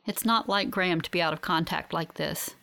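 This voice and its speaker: A woman narrating a first-person audiobook in a measured, even way. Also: lowish voice, gravelly.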